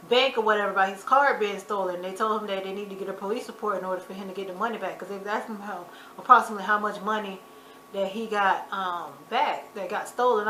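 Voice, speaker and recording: A woman casually recapping a TV drama episode in a chatty, loose storytelling way with lots of fillers, quick to burst into loud exclamations. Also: mid-range voice. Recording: echoey room, faint background noise.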